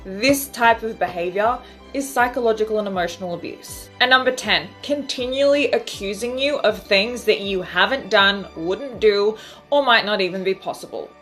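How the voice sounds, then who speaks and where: A woman's voice: mid-range voice, moderate pace, fairly bright tone, faint music behind. A woman speaking bluntly and emphatically, counting off points as she explains. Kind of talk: talking-head explainer.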